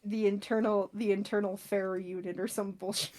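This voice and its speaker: A woman's voice: medium pitch, little pitch movement, moderate pace, darkish tone. A woman playing in a tabletop game, chatting casually in a giggly, playful way. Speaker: player.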